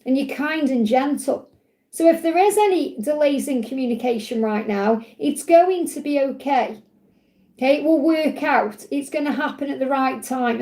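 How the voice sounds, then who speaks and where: Croaky-voiced British woman reading tarot live. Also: sits high, dark tone. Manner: reassuring, repeats key words, frequent "okay?" check-ins. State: slightly croaky voice. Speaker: tarot reader and livestream host.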